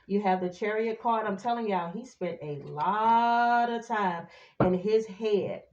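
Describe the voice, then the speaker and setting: A woman's voice: mid-range voice, unhurried, darkish tone, echoey room, dull audio, slight background noise. A woman doing a casual tarot reading for her viewers, sassy and chatty, now and then singing a few lines. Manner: chatty, sassy, breaks into snatches of song. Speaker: tarot reader.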